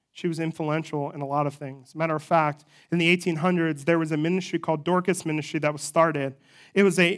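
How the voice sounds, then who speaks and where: Pastor giving a sermon, chatty storytelling style, mid pitch, throws in little personal asides.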